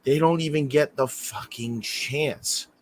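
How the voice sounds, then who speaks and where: A man's voice: on the high side, slow. Blunt, cursing wrestling panelist man. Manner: argues his point bluntly with profanity. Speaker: panelist on a wrestling talk show. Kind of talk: casual online chat.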